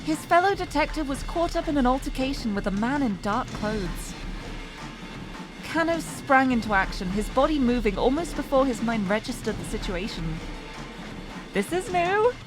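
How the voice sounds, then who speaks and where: Animated woman streamer reading a game. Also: fairly high pitch, normal speed, music in the background. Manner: narrates expressively, breaks off to laugh and comment.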